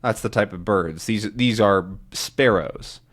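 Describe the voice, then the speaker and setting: A man's voice: fairly low pitch, slow pace. A man who is an English teacher, explaining a comic for learners and often rephrasing his words. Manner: animated, repeats and rephrases.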